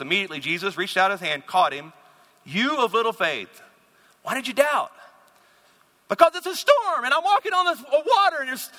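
A man preaching a sermon, asking his listeners questions and acting out panicked cries for help in between. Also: high voice. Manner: animated preacher, acts out panicked cries and asks the audience questions. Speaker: pastor. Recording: long reverb of a large hall.

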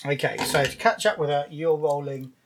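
A man's voice: fairly high pitch, fairly even intonation, moderate pace, over a noisy crowd. A man acting as game master of a tabletop game, talking with lots of hesitations. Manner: hesitant, lots of ums and uhs.

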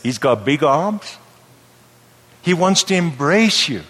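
A man preaches to a live congregation in a lively, playful manner, stopping often to ask the audience whether they understand. His voice sits a little high for a man. The sound carries the long reverb of a large hall. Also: slow, slightly rough. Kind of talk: sermon.

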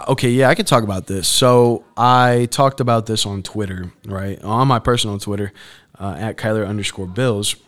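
A young male host runs a solo sports podcast in a campus booth, mixing laid-back chat with slang and irritated rants. His voice is fairly low and somewhat bright.

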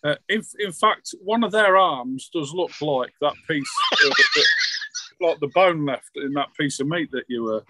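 A man's voice: on the high side, animated, measured pace, bright, forceful tone, slight background noise, rough recording. A man narrating a tabletop game as game master, rambling loosely with many fillers.

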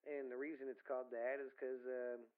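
A man's voice: mid-range voice, level tone, normal speed, smooth. A man from the Southern US with a Southern accent, chatting playfully and folksily as he promotes his podcast. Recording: distant, phone-like sound.

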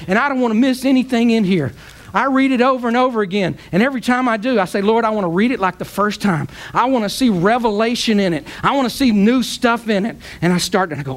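Male preacher, sermon, high voice, impassioned, swings from shouting to soft, tearful at times. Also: brisk. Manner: impassioned, rising to shouts then dropping soft.

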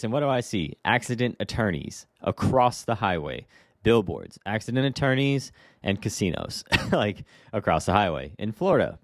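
A man hosting a solo podcast as a real estate agent, talking casually in a blunt, animated way with lots of rhetorical questions. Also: fairly low pitch, no room sound, studio quality. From Hawaii.

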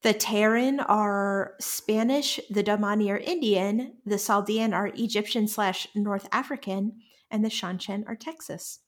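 A woman's voice: medium pitch, unhurried. A woman co-hosting a podcast in casual chat, dry and teasing. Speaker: podcast co-host.

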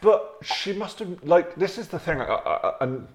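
A man's voice: sits high, big pitch swings, moderate pace. A man co-hosting a podcast who talks in an opinionated way and keeps ending points with rhetorical tags. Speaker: podcast co-host. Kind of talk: casual chat.

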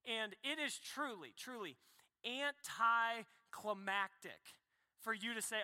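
A young man preaching a sermon as pastor, talking in a lively, conversational way with quick asides and self-corrections. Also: very high-pitched. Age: young adult. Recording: echoey hall reverb.

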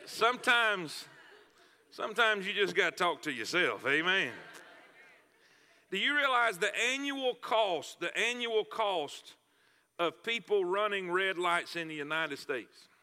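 Male pastor, high voice, folksy sermon storyteller, reverberant hall. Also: animated, takes it slowly, long pauses, bright, forceful tone. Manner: folksy storytelling with repetitions and fillers. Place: church sanctuary.

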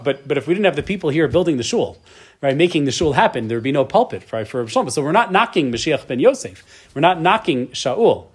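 A man's voice: on the high side, slightly rough. A man teaching a Torah class in a conversational way, often checking in with "right?" and building to emotional emphasis. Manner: conversational, tags many points with "right?". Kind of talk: lecture class.

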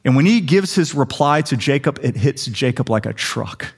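A young adult man preaching a sermon, telling a story with lively quick asides. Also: mid-range voice, gravelly, husky. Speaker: pastor.

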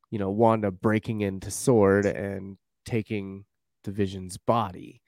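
A man's voice: on the low side, a little slow, no echo, studio quality. A man chatting casually about a TV series, retelling scenes and acting out lines. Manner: animated, acts out quotes from scenes. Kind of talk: casual chat about a TV show.

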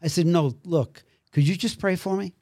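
A man from Brooklyn, a podcast guest telling a story in a lively way and acting out the other people's voices. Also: high-pitched, moderate pace, no echo, clean studio sound. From Brooklyn, New York. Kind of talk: storytelling conversation.

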